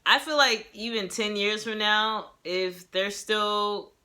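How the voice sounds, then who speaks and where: A young woman with a bright, crisp voice chats her way through a movie review. She rambles happily, laughs easily and acts out her own reactions as she gushes. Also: medium pitch, takes it slowly. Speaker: movie reviewer and self-published author. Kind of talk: casual movie review vlog.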